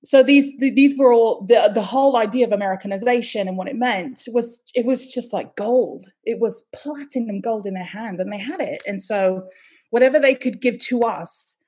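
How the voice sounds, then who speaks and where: A woman from Hawaii talking as a podcast guest, chatty and animated and laughing often. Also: fairly high pitch, moderate pace, husky. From Hawaii, United States. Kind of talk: casual interview chat.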